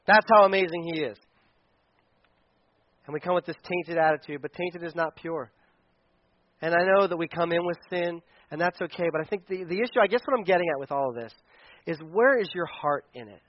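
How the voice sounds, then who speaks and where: A man with a high voice delivers a sermon as a pastor, talking casually and with energy. He acts out prayers and excuses in quick little voices. The sound is dry and a bit dull. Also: no echo. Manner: energetic, conversational preaching with acted-out quotes.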